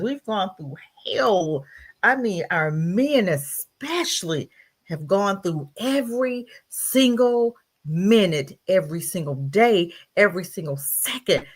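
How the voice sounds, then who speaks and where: Sex: woman. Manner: lively, husky. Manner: animated, acts out scolding voices high and loud. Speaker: guest. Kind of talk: casual podcast discussion.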